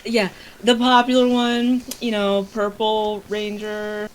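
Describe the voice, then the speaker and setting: A woman playing a tabletop game, hesitant and low-key. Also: flat delivery, slow, a little hiss or hum, poor audio. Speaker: player. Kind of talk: casual chat.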